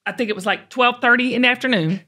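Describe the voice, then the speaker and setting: A woman's voice: fairly high pitch, pushed and bright. A middle-aged woman with a Southern US accent hosts a talk show and tells folksy stories in a chatty way. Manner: chatty, folksy storytelling with drawn-out emphasis. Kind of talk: casual chat.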